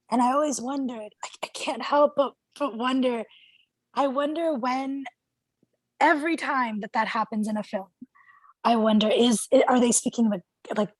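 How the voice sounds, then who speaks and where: A woman's voice: fairly high pitch, no echo. A young woman from Brazil, a native Portuguese speaker, chatting animatedly in a casual group discussion over a video call and laughing often. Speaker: media group host.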